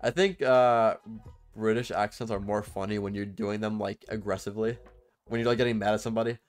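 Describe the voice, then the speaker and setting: A man's voice: on the low side, fairly even intonation, brisk, soft background music. A young man co-hosting a podcast, chatting casually in a rambling, profane way with lots of fillers. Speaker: podcast co-host. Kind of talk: casual chat.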